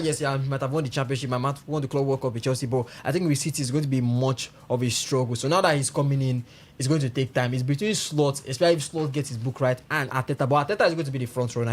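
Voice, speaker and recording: A man giving football analysis on the radio, assertive and arguing his point. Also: mid-range voice. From Nigeria. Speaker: radio sports pundit. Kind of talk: football punditry. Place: radio studio.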